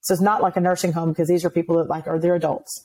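A woman who works as a police officer, telling a story in a casual, animated way, laughing and acting out voices as she goes. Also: lowish voice, racing, rough recording.

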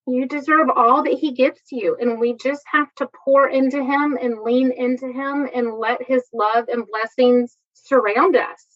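A woman, giving an earnest, heartfelt personal faith testimony. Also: high voice. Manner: earnest, heartfelt, addresses listeners as y'all. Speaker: testimony speaker. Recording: dull lo-fi recording.

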